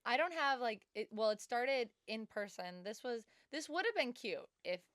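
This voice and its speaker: A woman's voice: a little high, moderate pace, dry recording, studio quality. Chatty young woman telling a story. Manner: animated storytelling with quoted dialogue. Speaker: podcast co-host. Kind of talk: casual chat.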